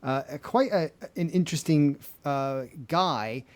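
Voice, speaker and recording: A man's voice: fairly high pitch, a little slow, dry recording. Easygoing man, hesitant fillers, dry sound. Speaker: podcast co-host. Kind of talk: casual chat.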